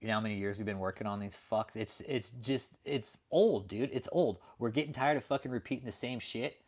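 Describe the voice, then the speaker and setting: A man's voice: fairly low pitch, a little fast. A man hosting a late-night livestream, ranting profanely and answering viewers in chat. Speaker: livestream host.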